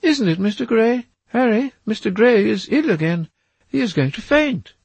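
A lilting, high-pitched society lady who teases and banters in a crisp, dry storybook reading, as a male narrator puts her on. Her voice swoops widely and carries a gravelly edge underneath. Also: animated, normal speed, darkish tone, no room sound, full character voice. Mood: teasing. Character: high-born woman, teasing and playful.

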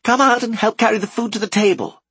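A man reading an audiobook and voicing a tiny, brisk, motherly woman who runs an inn kitchen, speaking slowly and softly with a breathy edge. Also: lowish voice, wildly swooping pitch, no room sound, full character voice. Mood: brisk kindly.

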